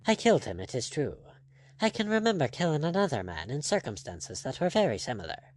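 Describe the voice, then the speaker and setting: A man's voice: on the high side, big pitch swings, fairly quick, pitched above the performer's own voice. A man voicing a proud, bitter male pirate captain with an Irish accent and sardonic retorts. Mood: cold. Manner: sardonic, brogue-laced retorts.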